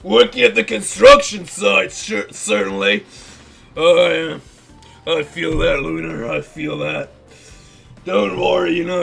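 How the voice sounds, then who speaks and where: A hearty, drawling outback bloke with a thick put-on Australian accent, as a man hams it up between plays. He's jovial and loud, his voice bright and edgy, with faint game music behind. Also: a little high, creaky, exaggerated voice. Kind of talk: playful character voice during game commentary.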